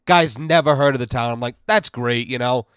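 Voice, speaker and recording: A man's voice: mid-range voice, a little fast, a bit bright, clear, resonant tone, no room sound, studio quality. A man from Massachusetts hosting a podcast, telling a story casually in a rambling way with plenty of swearing and fillers. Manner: rambling, profane, heavy use of fillers. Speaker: podcast host.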